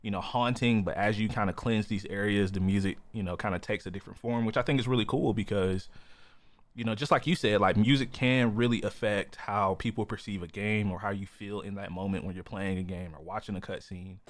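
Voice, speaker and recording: A man's voice: lowish voice, fairly even intonation, brisk, dry recording. A man co-hosting a podcast in casual chat, rambling with lots of "you know" and "like" fillers. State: has the hiccups. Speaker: podcast co-host.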